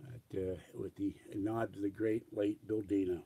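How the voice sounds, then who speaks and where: An older man musing aloud in a rambling casual monologue, reminiscing and often trailing off quietly. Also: fairly low pitch, fairly even intonation, moderate pace, husky.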